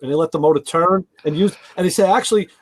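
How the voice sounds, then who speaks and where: A man hosting a casual talk show, telling animated stories and acting out conversations. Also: a little high, quick pace, slight background noise. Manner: animated storyteller, acts out quoted exchanges. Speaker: host. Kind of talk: casual chat about cars.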